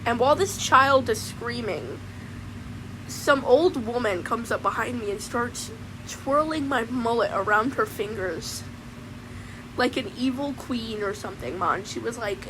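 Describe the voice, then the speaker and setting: A woman's voice: fairly high pitch, normal speed, background noise, close to an everyday voice. A woman voicing a laid-back young man with a mullet, telling a rambling comic story and ending nearly every sentence with "man". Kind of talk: comedic in-character story time.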